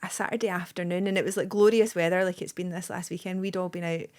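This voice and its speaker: A woman's voice: fairly low pitch, little pitch movement, fast, darkish tone. A Scottish woman in her forties, a comedian guest, telling rambling anecdotes in casual podcast chat with many restarts.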